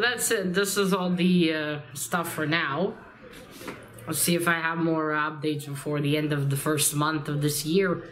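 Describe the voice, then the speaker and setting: A woman's voice: fairly low pitch, a bit bright. A young adult woman chatting casually in a reading vlog, rambling and swearing lightly, with a slight cold. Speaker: book vlogger.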